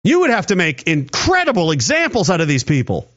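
High-pitched canadian guy ranting, mocking, kinda muffled recording. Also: huge pitch swings, fairly quick, fairly bright tone. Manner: ranting, sarcastic, mocking voices. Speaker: political commentator. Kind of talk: angry political rant. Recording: dull lo-fi audio.

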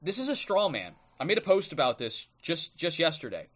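A man's voice: on the high side, big pitch swings, brisk, a bit bright, lo-fi sound. A man hosting a livestream, talking bluntly and combatively, often tagging "okay?", then reading aloud from a book. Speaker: livestream host. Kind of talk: ranting live commentary and book reading. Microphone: streaming microphone.

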